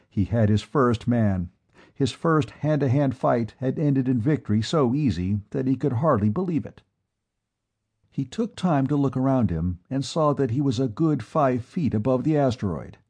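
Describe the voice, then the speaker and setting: A male narrator reads an adventure story in a steady, measured way. His voice is dark and mellow, with a husky grain. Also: medium pitch. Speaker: audiobook narrator. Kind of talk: scripted narration.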